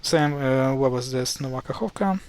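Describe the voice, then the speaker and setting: A man's voice: medium pitch, moderate pace, a little mellow, clear, resonant tone. Chatty man explaining pronunciation. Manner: chatty, exasperated at mispronunciations, frequent fillers and restarts. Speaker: language explainer. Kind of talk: casual screen-share explainer.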